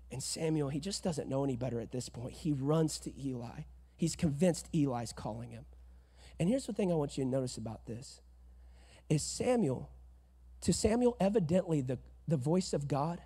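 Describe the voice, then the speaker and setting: A male pastor preaching a sermon, swinging from hushed asides to shouted emphasis. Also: a little high, husky, long reverb tail.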